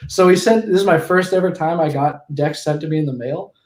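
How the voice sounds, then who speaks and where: A man's voice: fairly high pitch, fairly quick, darkish tone, roomy sound. A man in his twenties, a podcast guest, telling stories casually, with frequent restarts and self-corrections. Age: 20s. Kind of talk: casual storytelling in a conversation.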